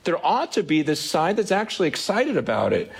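A man's voice: fairly high pitch, huge pitch swings, a little fast, creaky, slightly rough. Earnest man preaching a sermon. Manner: earnest, self-questioning preaching with acted-out inner voices. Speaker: pastor.

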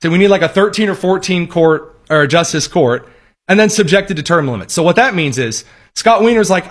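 A man hosting a political commentary show, talking in a sarcastic, mocking monologue and sometimes jumping to high parody voices. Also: expressive, fairly quick.

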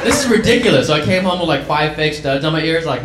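A man doing stand-up comedy in a club, loud and mocking as he does impressions. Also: on the high side, animated, fast talker, few pauses. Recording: roomy live club with crowd noise.

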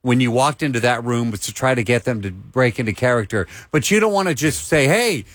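A man's voice: medium pitch, a little fast, no echo. A man talks into a close studio mic and tells stories with energy. He repeats words while he gets going. The sound is dry and close. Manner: animated storyteller, repeats words when starting. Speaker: show host. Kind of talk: casual radio interview. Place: radio studio.

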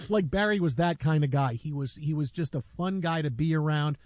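A man's voice: a little high, fairly quick, few pauses, dry recording. A man hosts a loose sports talk show, storytelling with frequent restarts and a slightly raised voice. The recording is dry and close, with no room sound. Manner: rambling, many restarts, lively storytelling.

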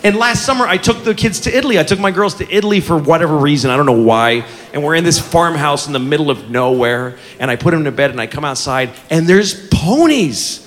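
A middle-aged man performing stand-up comedy, telling an animated story with swearing and acted-out voices, on a club stage with a handheld microphone. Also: fairly high pitch, long reverb tail, a little hiss or hum. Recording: live club with laughing audience.

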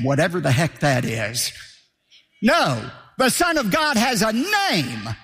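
An emphatic male pastor preaching with a high, lively voice that leaps up and down. His tone is bright and forceful, and he hammers home key phrases by repeating them. The sound rings with the long reverb of a large hall. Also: unhurried, husky. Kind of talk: sermon.

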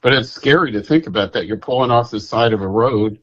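Halting folksy male radio caller. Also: mid-range voice, highs cut off. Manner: halting, repeats words, folksy. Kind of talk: casual call-in chat.

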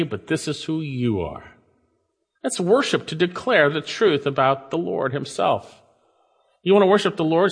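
A man preaching an expository sermon, reading verses aloud and lifting his voice sharply on key phrases. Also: mid-range voice. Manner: animated, rising emphasis when reading scripture. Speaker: pastor. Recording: long hall reverb.

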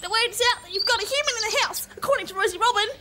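Gossipy lyrebird hen, high and bright, rattling off news fast, a woman voicing her. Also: slight background noise. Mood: ominous. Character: gossipy female lyrebird, strutting and dramatic.

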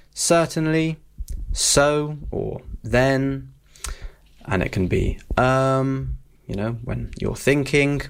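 Slow, low-voiced man teaching words. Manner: friendly, repeats "okay?" to check in. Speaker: language teacher. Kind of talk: casual explainer video lesson.

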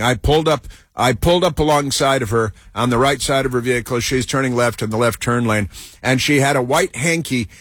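A man hosting a talk radio show, telling a story in a sarcastic, deadpan way. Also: medium pitch, no echo, clean studio sound. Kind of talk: casual talk radio monologue.

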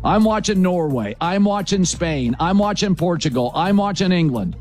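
A male sports talk host argues his points bluntly and with emphasis. His pitch swings widely. His voice sits a little high, with faint music underneath. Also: moderate pace. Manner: emphatic, blunt, animated delivery.

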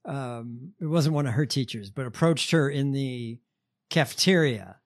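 A man's voice: medium pitch, measured pace. A man hosting a podcast in casual chat, hesitating often with "uh" and "um". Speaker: podcast host.

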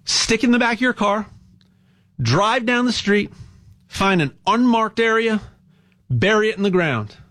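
A man with a somewhat raised voice talks through a loose promotional monologue as a host. He rambles and gets animated, stumbling and restarting his sentences before pressing on. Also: high-pitched, a little slow, long pauses. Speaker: host pitching gold buying.

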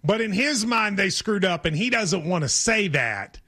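A man's voice: high voice, lively intonation, normal speed, pushed and bright. A man from Kentucky hosting a sports talk show, chatty and wry.

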